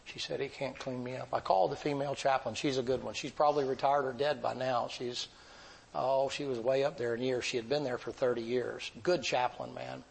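A man preaching, telling a long story in a folksy, drawn-out way. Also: medium pitch, fairly even intonation, creaky, breathy edge, low-quality recording. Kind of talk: sermon storytelling.

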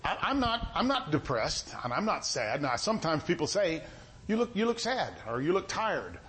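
A middle-aged man preaching a sermon in a folksy, conversational way, with a voice that sounds stern even when he is not angry. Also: fairly high pitch, normal speed.

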